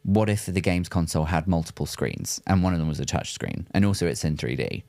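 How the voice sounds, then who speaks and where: A man telling comic stories in a casual podcast chat, with an animated, rambling delivery. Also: low-pitched, brisk, no echo. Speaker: podcast co-host.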